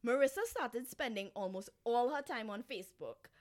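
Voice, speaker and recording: A woman co-hosting a casual true-crime chat, animated and profane, with laughing asides. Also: on the high side, normal speed. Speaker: podcast co-host telling a case.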